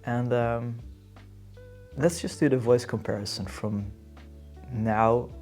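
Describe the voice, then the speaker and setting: A young man with a Dutch accent, chatting to camera in English in a hesitant, halting way and searching for words. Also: medium pitch, fairly even intonation, a little mellow, faint music behind. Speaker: vlogger. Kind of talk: casual chat to camera.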